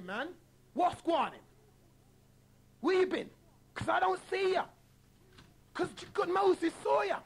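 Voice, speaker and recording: A man putting on the voice of a preacher who loudly pleads with Jesus for help. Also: very high-pitched, vocal fry, voice pushed up, exaggerated voice.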